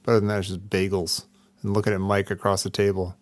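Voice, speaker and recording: A man co-hosting a podcast, joking about himself in a dry, deadpan way. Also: deep voice, fast talker, dry recording. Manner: dry, self-mocking humor. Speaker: podcast co-host. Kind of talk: casual chat.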